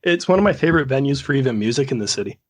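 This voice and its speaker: Brief: male podcast guest, mid-pitched, short deadpan jokes, dry close recording. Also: very fast, no room sound. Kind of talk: casual chat.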